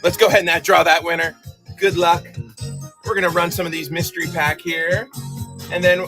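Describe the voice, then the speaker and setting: A man's voice: on the high side, flat delivery, a little fast, over music, low-quality recording. A man hosting a live comic giveaway stream, chatty and upbeat. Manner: upbeat, chatty, joking banter. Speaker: livestream host. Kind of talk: casual livestream chat.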